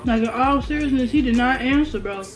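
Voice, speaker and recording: A young woman with a slightly high voice tells a storytime over a meal in loose, slangy chat. She hammers lines home by saying them twice, animated throughout. Faint music sits under her. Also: fairly quick. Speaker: vlogger. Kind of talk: casual storytime while eating.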